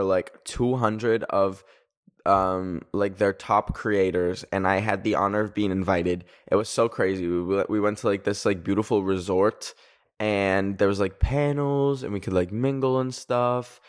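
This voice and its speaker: A young man hosting a solo podcast, with a whiny, nasal voice, rambling through a story full of fillers and swearing. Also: mid-range voice. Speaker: podcast host.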